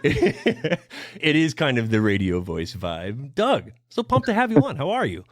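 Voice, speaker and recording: A man's voice: medium pitch, huge pitch swings, unhurried, no room sound, clean studio sound. A man hosting a comedy podcast, introducing guests in an upbeat way and laughing often. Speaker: podcast host. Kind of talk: casual podcast chat.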